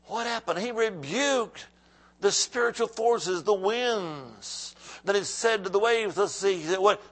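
High-voiced man preaching a fiery sermon. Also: moderate pace. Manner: preaching with call-and-response, swinging from hushed to shouting. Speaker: pastor.

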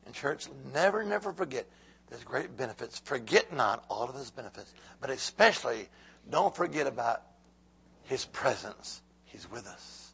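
A man preaching a sermon, calling out to the church, swinging from hushed lines to loud shouts. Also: medium pitch, very animated, normal speed, gravelly, husky.

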